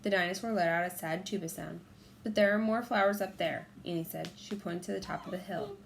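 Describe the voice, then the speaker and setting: A woman's voice: on the low side, brisk, gravelly, a little hiss or hum. A woman reading a children's audiobook, voicing a bold, cheerful, curious young girl in an eager, sing-song manner. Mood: soft.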